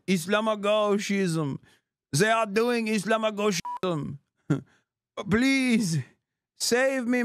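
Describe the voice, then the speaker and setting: A man's voice: high voice, fairly bright tone, clear, resonant tone, dry recording, studio quality, voice pushed up, heavily acted. A man voicing a whiny, panicking French man who cries for help, in a mock French accent and a melodramatic, pleading manner.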